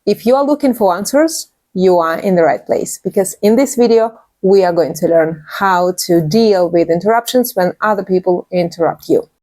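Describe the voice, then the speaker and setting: A woman's voice: on the low side, moderate pace, few pauses, warm tone. Woman teaching English in patient steps. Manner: clear, patient teaching with repeated model phrases. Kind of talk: video English lesson.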